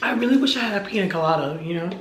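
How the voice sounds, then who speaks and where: A woman's voice: medium pitch, animated, very fast, a bit bright, roomy sound, slight background noise. A young woman vlogging an unboxing, gushing and slangy, talking straight to her viewers. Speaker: beauty vlogger. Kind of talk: excited unboxing vlog.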